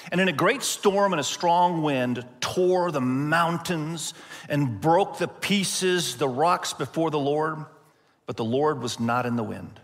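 A male pastor preaching a sermon, expressive and slowing down to stress key points. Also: a little high, long reverb tail. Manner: expressive, slows down for emphasis.

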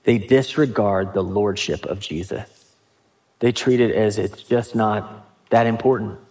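A pastor preaching a sermon in a conversational way, with casual asides and questions to the congregation. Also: male voice, lowish voice, a little slow, a little mellow.

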